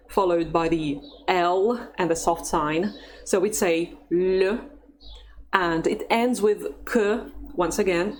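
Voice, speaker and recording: Slow, low-voiced woman teacher. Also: a little hiss or hum. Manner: slow, careful, encouraging. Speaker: language teacher. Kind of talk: instructional lesson narration.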